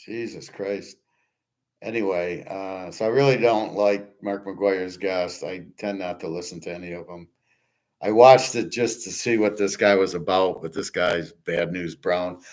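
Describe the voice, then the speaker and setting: Male host, low-ish voice, profane off-the-cuff rant. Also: a little mellow. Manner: blunt, profane, ranting. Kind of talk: casual monologue.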